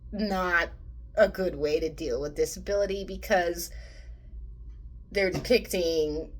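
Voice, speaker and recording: A woman's voice: lowish voice, a bit bright. A young woman vlogging a casual movie review rant. She swears freely and acts out quotes in mocking voices.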